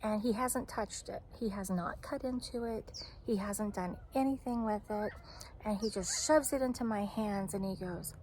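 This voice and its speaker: Sheltering in the shade on a hot day, a restaurant server chats candidly through an outdoor storytime vlog, peppering her story with fillers. Her mid-range voice is a little mellow and moves at a moderate pace, with a little hiss or hum in the audio.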